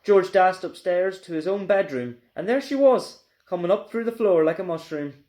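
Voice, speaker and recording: A man's voice: high-pitched, normal speed. A male teacher reading a children's book aloud, telling it expressively. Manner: expressive storyteller.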